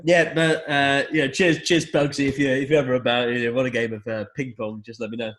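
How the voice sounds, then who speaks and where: A man's voice: medium pitch, little pitch movement, a little fast, fairly bright tone. A man hosting a podcast, joking and laughing through casual banter with friends. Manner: jokey, laughs often. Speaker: podcast host. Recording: roomy echo with background noise.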